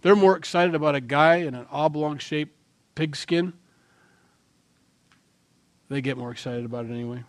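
A male pastor preaching a sermon in an animated way, swinging between loud lines and quiet asides. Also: fairly high pitch, moderate pace, long pauses.

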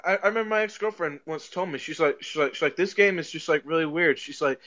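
A man's voice: fairly high pitch, quick pace, lo-fi sound, heavy background noise. A man co-hosting a podcast, telling stories in casual chat, swearing freely, stumbling over repeated words and laughing often. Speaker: podcast co-host.

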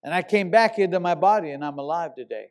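A male pastor tells a long personal story during a sermon, speaking fast with a fairly high pitch. His delivery is animated and casual, sometimes bursting into loud shouts.

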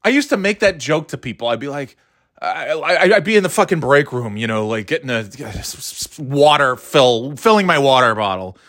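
A man's voice: mid-range voice, sing-song, moderate pace, fairly bright tone, dry recording, clean studio sound. A middle-aged man ranting casually, swearing often, sarcastic and grumbling, often stumbling and restarting his words. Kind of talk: rambling casual rant.

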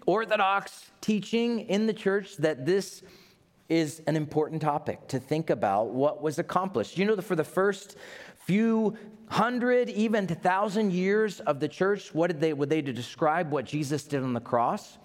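A pastor preaches, a middle-aged man whose voice sits a little higher than most. He tells stories with energy, acting out the voices he quotes and leaping up and down in pitch. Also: measured pace. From Tennessee, USA. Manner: lively storyteller, acts out quotes, jumps in pitch. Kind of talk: sermon.

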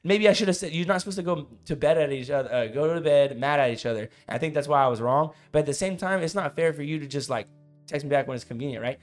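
A man in his thirties co-hosting a casual podcast, telling a story in an animated way, getting loud and worked up, saying "bro" a lot. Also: a little high, fast, faint music behind. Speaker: podcast co-host.

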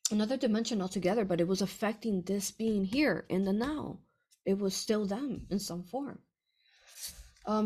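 A woman author chatting casually with her audience in a rambling, effusive way, swinging between excitement and hushed earnestness. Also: mid-range voice, husky. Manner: rambling and effusive, many fillers and restarts. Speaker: author answering reader questions. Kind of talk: casual livestream chat.

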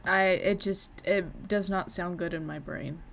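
A woman's voice: on the low side, measured pace, vocal fry, a little hiss or hum. A woman co-hosting a podcast in casual chat, joking, swearing casually and laughing often. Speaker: podcast co-host.

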